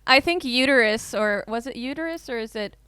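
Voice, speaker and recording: A woman's voice: fairly high pitch, fairly quick, a crowd in the background. A woman co-hosting a podcast, chatting casually with hesitant, searching phrasing. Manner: hesitant, many fillers and restarts. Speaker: podcast co-host. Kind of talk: casual chat.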